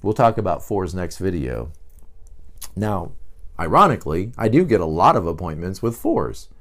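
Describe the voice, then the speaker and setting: A man talks through a lesson in a loose, chatty way, drifting into asides and filling pauses as he thinks. His pitch swings widely from phrase to phrase, rising high for emphasis and dropping low as he trails off, so the talk sounds lively and unscripted. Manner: animated, digressive, many fillers. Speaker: teacher. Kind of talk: conversational teaching talk.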